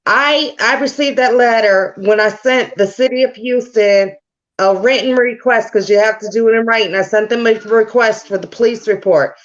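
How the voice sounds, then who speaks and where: A woman's voice: on the high side, normal speed. Firm woman on a muffled call. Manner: firm, insistent, repeats her point. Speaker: guest, victim's mother. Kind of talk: livestream interview.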